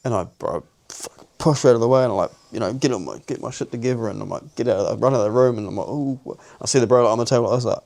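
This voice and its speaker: A young man shares a candid personal story. His voice sits in an ordinary middle register with a gravelly, creaky edge. He talks bluntly and swears a lot, calling his listener "bro" throughout. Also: mid-range voice, racing, few pauses, darkish tone. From New Zealand. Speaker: podcast co-host.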